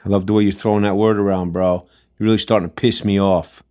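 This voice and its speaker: A man's voice: fairly low pitch, flat delivery, fast, dark tone. A man hosting a commentary channel, ranting in a blunt, combative, slangy way and repeating his points. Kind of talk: casual commentary rant.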